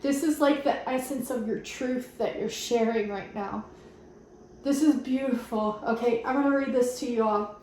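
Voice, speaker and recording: A woman giving a channeled spiritual card reading, earnest and gently giggly, reading card messages aloud. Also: fairly high pitch, moderate pace. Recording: very echoey room with faint noise.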